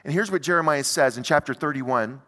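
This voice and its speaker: A male pastor preaching a sermon in a conversational, animated way, full of rhetorical questions. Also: on the high side, a little fast, big-room sound.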